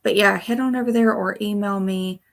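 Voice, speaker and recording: A woman's voice: mid-range voice, fairly even intonation, normal speed, gravelly. A young woman hosting a casual live stream, chatty and bubbly with frequent exclamations. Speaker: crochet channel host.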